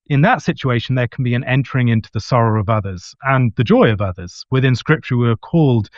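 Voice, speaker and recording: A man's voice: medium pitch, dry recording. Articulate man on muffled remote audio. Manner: articulate, reflective, builds long arguments. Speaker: guest scholar. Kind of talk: discussion answer.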